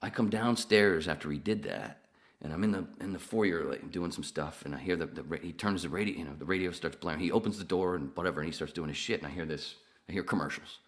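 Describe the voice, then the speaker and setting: A podcast host with a low voice talks fast, telling long, profane stories in a casual, rambling chat.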